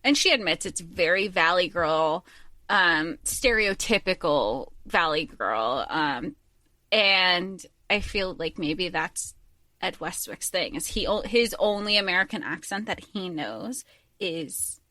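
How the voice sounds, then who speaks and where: Bright, rambling woman podcast co-host. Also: fairly low pitch, animated, measured pace, no room sound. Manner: rambling, enthusiastic, self-correcting. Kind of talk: casual chat.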